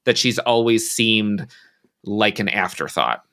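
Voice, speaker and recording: A man co-hosting a podcast in casual chat, animated, with fillers and casual swearing. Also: on the low side, slow, vocal fry. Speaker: podcast co-host.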